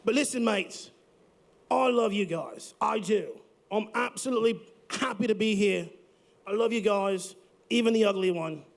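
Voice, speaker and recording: A man's voice: sits high, moderate pace, gravelly. A man putting on a cocky British rocker persona with an accent that drifts toward Australian, trash-talking during a live podcast interview. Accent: put-on British-Australian accent. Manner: swaggering, cocky trash talk. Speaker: musician guest.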